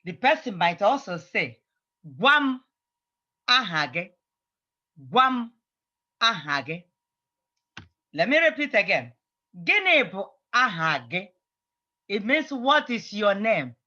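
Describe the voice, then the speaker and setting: Slow, bright-voiced teacher. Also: medium pitch, dull audio. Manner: patient, repeats phrases slowly for drilling. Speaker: language teacher. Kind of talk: online language lesson.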